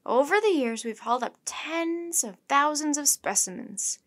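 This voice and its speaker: Woman doing a pompous older professor, formal, lecturing, slightly high voice. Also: animated, normal speed.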